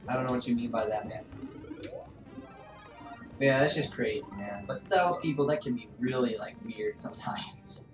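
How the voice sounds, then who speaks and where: Pausing often as he talks at normal speed, a gaming streamer with a mid-range voice recounts an episode at a store. His chat rambles with plenty of fillers and "man," and game music echoes through the roomy space behind him.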